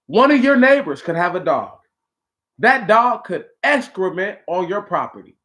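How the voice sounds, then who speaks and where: Brief: male talk host, higher-pitched voice, preachy casual monologue, slangy asides to listeners. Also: big pitch swings, normal speed, pushed and bright. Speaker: podcast host.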